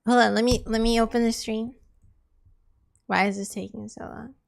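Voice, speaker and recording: A woman's voice: fairly high pitch, fairly even intonation, normal speed, gravelly. A woman streaming live, chatting casually and exasperatedly with her viewers in a rambling way. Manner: exasperated, rambling, talks to chat.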